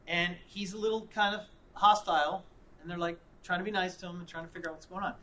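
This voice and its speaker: A man preaching, mixing reflection with an animated story in which he acts out the people involved. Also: high voice, quick pace, slight background noise. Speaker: pastor. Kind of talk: sermon with storytelling.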